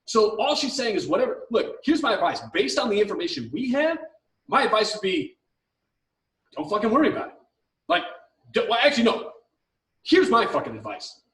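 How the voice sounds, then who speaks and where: A man's voice: high-pitched, huge pitch swings, a little fast, long pauses, a bit bright, echoey room, recorded from a distance, poor audio. A man co-hosting an advice podcast, ranting heatedly with lots of swearing and mocking impressions of the people he talks about. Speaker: podcast co-host.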